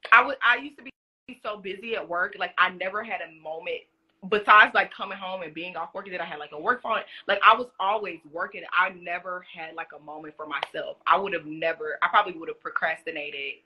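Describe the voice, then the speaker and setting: A young woman chatting casually on a phone livestream, animated and giggly, rambling and restarting as she answers viewers' comments. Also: lowish voice, brisk, dull audio, a little hiss or hum. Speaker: former reality show contestant.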